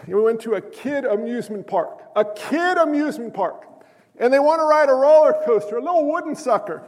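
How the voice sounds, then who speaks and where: A man preaching a sermon as pastor, an animated storyteller who jokes with the congregation. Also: very high voice, a little fast, in a large hall.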